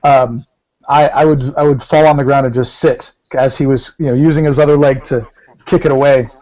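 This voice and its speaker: A man's voice: mid-range voice, steady tone, normal speed, a little mellow. A man playing a tabletop game, hesitantly narrating his character's actions. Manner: hesitant, many fillers and restarts. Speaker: player. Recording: muffled lo-fi recording.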